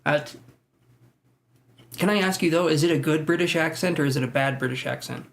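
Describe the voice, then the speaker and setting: A man's voice: fairly high pitch, fairly quick, creaky. A man hosting a live tarot stream, chatting casually and joking as he reads out viewer comments. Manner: chatty, jokey, laughs often. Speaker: tarot livestream host. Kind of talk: casual livestream chat, reading viewer comments.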